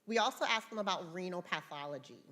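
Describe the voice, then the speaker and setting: A woman walks through her research slides at a conference. Her voice sits a bit low, and her delivery is relaxed and chatty, with plenty of filler words. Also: fast talker. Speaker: research presenter. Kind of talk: conference presentation.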